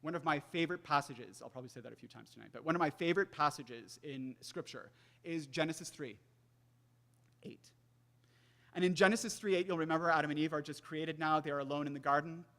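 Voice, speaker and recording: A man in his thirties giving a public lecture, animated and acting out quoted dialogue. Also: fairly high pitch, a little fast. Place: lecture hall. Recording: echoey hall with long reverb.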